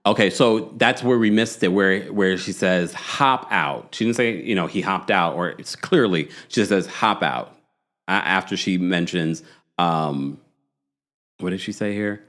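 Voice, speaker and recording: A man's voice: sits low, moderate pace, fairly bright tone. A man hosting a live call-in show, explaining clips and bringing callers up. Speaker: podcast host.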